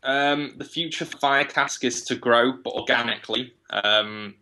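A man with an English accent, a guest talking in a casual interview, thinking aloud with quick restarts. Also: mid-range voice, sharp tone, poor audio. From England. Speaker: guest, web agency founder.

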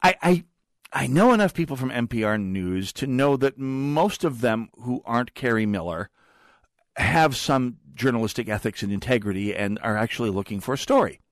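A man hosting a political talk radio monologue in an animated, sarcastic way, rambling and restarting often. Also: medium pitch, normal speed, no room sound. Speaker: radio talk show host.

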